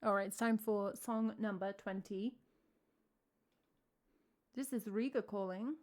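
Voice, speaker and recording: A woman's voice: mid-range voice, steady tone, unhurried, darkish tone. A young woman, chatting casually with her live stream's chat, giggly and trailing off as she talks. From England. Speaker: streamer and singer-songwriter.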